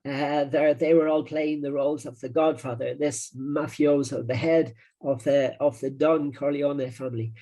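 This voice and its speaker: Man, Irish accent, middle-aged, online marketing coach, rambling sales patter, mellow tone, husky. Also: fairly even intonation, moderate pace. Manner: chatty, rambling, with frequent "uh" fillers and sales-pitch phrasing. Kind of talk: online video lesson.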